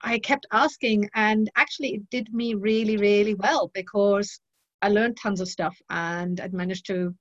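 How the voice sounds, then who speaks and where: A woman's voice: mid-range voice, steady tone, moderate pace, dry recording, muffled recording. A middle-aged woman talking about her work as a guest in an interview, frank and thoughtful with many ums. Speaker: guest, leadership trainer. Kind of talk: interview conversation.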